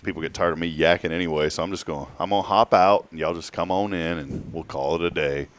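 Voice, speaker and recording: Male morning host, very low pitch, dry close sound, joking and chatty. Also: fairly even intonation, fast talker, dry recording. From Georgia. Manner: joking, rambling, laughs often. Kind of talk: casual chat.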